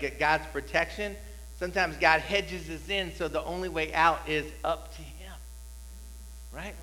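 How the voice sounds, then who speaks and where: Male pastor, high ringing voice, casual sermon delivery, reverberant hall with hum. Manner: conversational preaching, rising to loud repeated cries.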